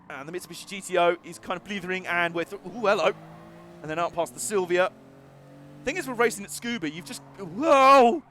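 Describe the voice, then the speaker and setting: Brief: man, racing game streamer, high voice, excitable, laughs a lot, crude jokes. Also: slight background noise. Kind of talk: live racing gameplay commentary.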